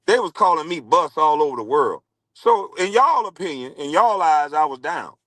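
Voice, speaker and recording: Man ranting scornfully, bright and dry. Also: on the high side, sing-song, moderate pace, dry recording, rough recording. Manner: scornful, mocking, repeats taunts. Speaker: former pro basketball player. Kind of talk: heated rant. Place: podcast studio.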